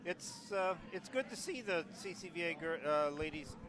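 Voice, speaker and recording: A man's voice: sits high, animated, normal speed. A man chatting playfully as a co-commentator, rambling and laughing between words. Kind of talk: casual live commentary. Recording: crowd chatter in a busy club.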